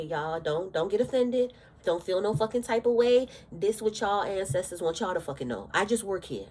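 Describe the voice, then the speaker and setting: A woman's voice: medium pitch, background noise. A woman giving a casual tarot reading, fiery and direct, cursing freely, bothered by allergies. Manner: blunt, fiery, cursing often. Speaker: tarot reader.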